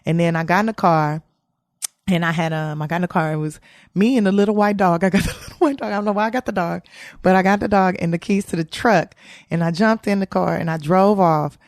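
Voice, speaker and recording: Animated, profane woman telling her story. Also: lowish voice, quick pace, no echo, studio quality. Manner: slangy casual speech. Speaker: guest comedian. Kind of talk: candid storytelling interview.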